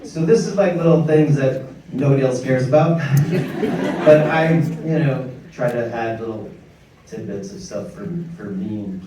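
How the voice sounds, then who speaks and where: A man's voice: medium pitch, moderate pace, warm tone, slight background noise. A man from New York telling rambling, self-deprecating anecdotes as an actor on a fan convention panel. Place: large convention panel hall. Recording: echoey hall from far off.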